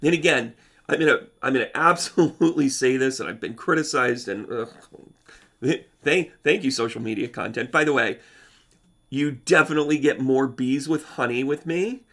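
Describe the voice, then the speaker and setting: A man with a bright, forceful voice talks viewers through a chart in loose, chatty explanation. He rambles, restarts his sentences and keeps checking in with his audience, pitched in a middling male range. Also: normal speed. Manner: rambling, self-correcting, chatty, addresses viewers directly. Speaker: astrology channel host. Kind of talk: casual explanatory talk over charts.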